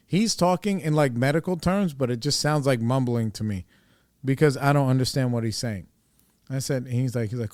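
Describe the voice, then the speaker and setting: A man's voice: medium pitch, moderate pace, a little mellow, dry recording, studio quality. A man hosting a podcast, telling a personal story in a casual, rambling way, full of fillers and swearing. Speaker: podcast host.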